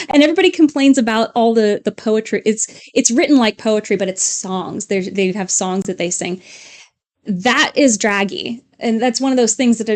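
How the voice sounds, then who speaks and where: A woman co-hosting a livestream, chatting casually in a rambling way with restarts. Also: on the high side. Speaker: livestream co-host. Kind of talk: casual chat.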